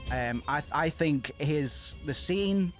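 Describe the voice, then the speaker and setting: Excitable dude on a desk mic doing game commentary, swears a lot, faint game music behind. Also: male voice, on the high side, slow pace. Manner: excitable, swears, frequent restarts. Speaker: streamer playing through a game. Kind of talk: casual let's-play commentary. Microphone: desk microphone.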